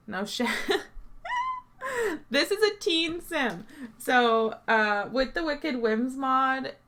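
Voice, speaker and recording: A woman's voice: mid-range voice, vocal fry, a bit bright. A tired woman talking through a gaming tutorial in a chatty, rambling way, swearing and laughing freely as she goes. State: tired, yawning. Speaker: game mod tutorial creator. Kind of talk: casual screen-recorded gaming tutorial.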